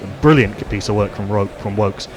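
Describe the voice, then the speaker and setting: A man giving live ball-by-ball cricket commentary on radio. He describes the field and each delivery in steady, descriptive play-by-play. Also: on the low side, brisk, a little hiss or hum. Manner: steady descriptive play-by-play, rising on big moments.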